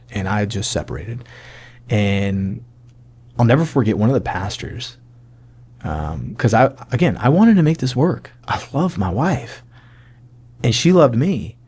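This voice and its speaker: A man in his forties, an army sergeant major, telling a personal testimony in a casual, animated way, acting out the dialogue and talking with lots of fillers. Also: on the low side. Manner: animated, acts out quoted dialogue; casual, many fillers like "like" and "you know".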